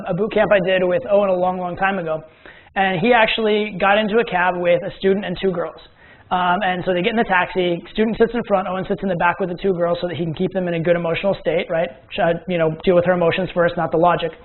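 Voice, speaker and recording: A man teaching a recorded course lecture as a dating coach, chatty and often checking in with "right?" and "okay?". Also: sits high. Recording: tinny phone-like lo-fi sound.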